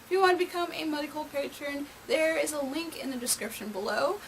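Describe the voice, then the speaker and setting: A woman's voice: high-pitched, a little fast, a little hiss or hum, rough recording. A woman hosting her own movie review channel, chatty and openly sarcastic. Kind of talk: casual video review.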